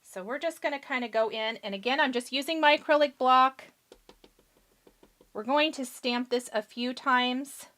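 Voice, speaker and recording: Her voice sits high and a bit bright, at a normal speed, with a little hiss or hum in the audio. She's leading a live card-making demo, hiccupping as she casually chats and answers questions from viewers.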